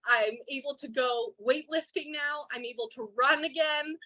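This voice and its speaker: A woman's voice: high voice, normal speed, hardly any pauses, sharp tone, no echo, low-quality recording. A woman in her twenties giving an earnest, emotional testimonial in a casual online call. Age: 20s.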